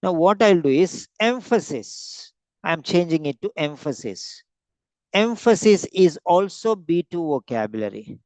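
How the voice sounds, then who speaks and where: Guy teaching vocab online, super slow, dry close mic. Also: fairly high pitch, expressive, darkish tone, no room sound. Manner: slow, repeats words, stretches them out to stress them. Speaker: English teacher.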